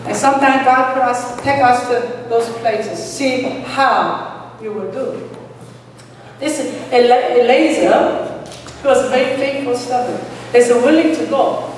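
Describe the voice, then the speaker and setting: High-voiced woman preaching in echoey hall. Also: measured pace, slight background noise. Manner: emphatic, prods listeners with rhetorical questions. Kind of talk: sermon testimony. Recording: distant mic in echoey hall.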